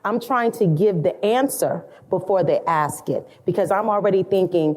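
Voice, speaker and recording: Heard at a normal speed in a mid-range, darkish voice, a middle-aged woman who trains salon staff reflects sincerely as a guest on a storytelling podcast, repeating phrases to build her case.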